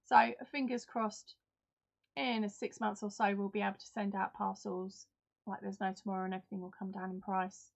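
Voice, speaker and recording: A woman's voice: mid-range voice, flat delivery, normal speed, creaky, dull audio. A woman hosting a live crafting stream in casual chat, reading out and answering viewers' comments. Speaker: host.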